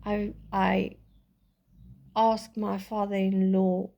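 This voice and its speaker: A middle-aged woman with a South African accent gives a raw, halting personal testimony about her life, often restarting her sentences. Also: medium pitch, little pitch movement, vocal fry, mellow. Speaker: vlogger telling her life story.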